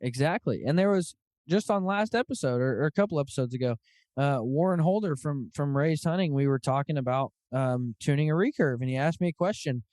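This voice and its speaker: A man hosting a podcast, his voice smooth and resonant and sitting at a middle pitch. He sounds earnest and chatty as he tells stories and plays the other people in them. The sound is dry and close to the mic. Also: a little fast, a little mellow, no echo. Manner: earnest storyteller who acts out quoted dialogue. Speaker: podcast host. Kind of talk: casual podcast conversation.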